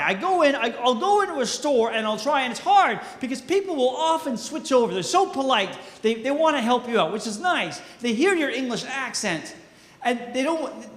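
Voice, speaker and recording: A man's voice: very high-pitched, fairly bright tone. A middle-aged man doing a stand-up comedy set, telling self-mocking stories with punchy delivery. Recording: echoey hall with long reverb, faint noise.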